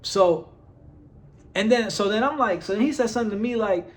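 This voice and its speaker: High-voiced man ranting to his followers. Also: fairly quick. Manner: exasperated, rhetorical questions, heavy "like" fillers. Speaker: rapper vlogging to followers. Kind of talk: direct-to-camera vlog rant.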